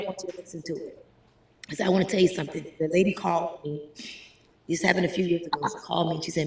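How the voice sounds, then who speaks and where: A woman's voice: deep voice, fast. Emphatic woman with a roomy, distant sound. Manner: animated, emphatic storytelling. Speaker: guest. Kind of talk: casual interview talk. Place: at home. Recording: roomy echo, distant mic.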